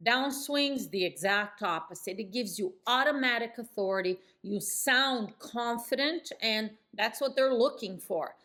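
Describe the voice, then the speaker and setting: A middle-aged woman coaching real estate agents, speaking firmly in falling tones and jumping up high to demonstrate. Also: a bit bright. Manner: emphatic, demonstrates phone tones with sudden high pitch jumps; speaks in firm downswings. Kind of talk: coaching lesson to camera.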